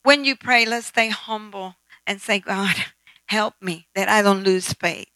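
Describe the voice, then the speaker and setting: A woman's voice: medium pitch, unhurried, bright, forceful tone, no echo, low-quality recording. A woman preaching a sermon, emphatic and asking the audience questions. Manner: emphatic, calls for amen and asks the audience questions.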